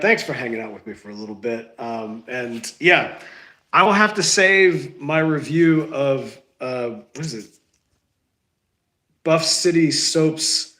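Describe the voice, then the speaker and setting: A man's voice: medium pitch, fairly bright tone. A man hosting a casual solo podcast, rambling and correcting himself while he is sick and stuffed up. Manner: rambling, self-correcting, says y'all. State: sick, stuffy, lost sense of smell. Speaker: podcast host.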